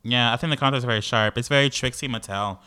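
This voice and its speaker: A young man co-hosting a casual chat, animated and campy, with giggly asides. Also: mid-range voice, fast, smooth. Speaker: co-host reacting to drag queens.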